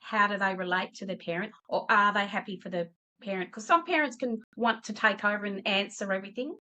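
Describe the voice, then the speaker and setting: Speaking briskly at a medium pitch, a middle-aged woman who tutors and owns an education business tells a story as an interview guest. She's animated and performs the voices of the people involved. The recording is rough.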